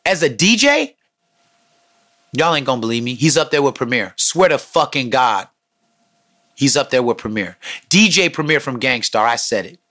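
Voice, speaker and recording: A man hosting a podcast, telling street stories in a casual, profane, animated way and acting out quotes. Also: mid-range voice, normal speed, pauses often. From San Francisco Bay Area. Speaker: podcast host. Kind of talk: casual storytelling monologue.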